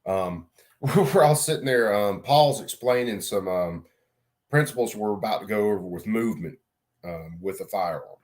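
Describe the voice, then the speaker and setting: A middle-aged man with a fairly low voice rambles through a casual vlog story. He swears freely, trips over his own sentences and keeps laughing at himself. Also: normal speed, darkish tone. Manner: rambling, profane, self-mocking, laughs a lot. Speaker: vlogger.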